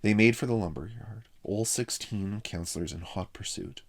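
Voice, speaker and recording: A man with a very low, gravelly voice reads a chapter of a children's book aloud. He narrates plainly and steadily. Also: normal speed. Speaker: reader. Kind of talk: reading a novel aloud.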